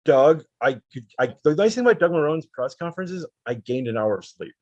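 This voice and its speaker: A man's voice: fairly high pitch, big pitch swings, a little fast, darkish tone, dry recording, highs cut off. A man who used to cover sports, chatting casually and rambling with lots of fillers. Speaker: podcast guest, former sports reporter.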